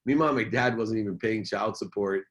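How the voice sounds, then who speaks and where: A man's voice: lowish voice, a little fast. A middle-aged man, a businessman and motivational speaker, telling a personal story as a podcast guest in an earnest, emphatic way, repeating key phrases.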